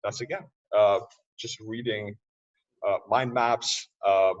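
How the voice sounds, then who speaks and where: A man speaking as a podcast guest in casual interview talk, loose and quick to laugh, often restarting his sentences. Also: lowish voice, steady tone. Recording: distant, muffled remote audio.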